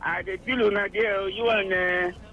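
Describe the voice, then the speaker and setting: A man's voice: sits high, fairly even intonation, moderate pace. A man calling into a radio show, hesitant and friendly as he greets the hosts. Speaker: caller. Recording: noisy phone line.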